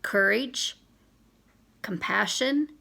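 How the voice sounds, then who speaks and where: A woman's voice: mid-range voice, very slow, creaky, pushed and bright, breathy edge. A woman vlogger reading a self-help passage aloud in an earnest way, briefly voicing the friends she quotes. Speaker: business vlogger.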